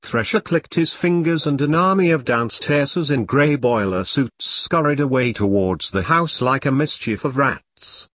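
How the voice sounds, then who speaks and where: A man reading a dark comic story aloud with dramatic storytelling. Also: medium pitch, lively intonation, measured pace, hardly any pauses, no room sound. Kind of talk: audiobook narration.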